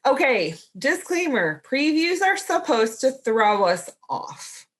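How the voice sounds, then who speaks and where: Woman podcast cohost chatting away, higher voice, lots of likes and restarts. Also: very animated, slow pace, a bit bright. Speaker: podcast co-host. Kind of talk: casual chat.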